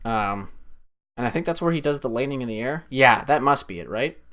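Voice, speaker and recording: A young man casually recapping a film on a stream, rambling and profane, excitedly acting out lines from the scenes. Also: mid-range voice, a little fast.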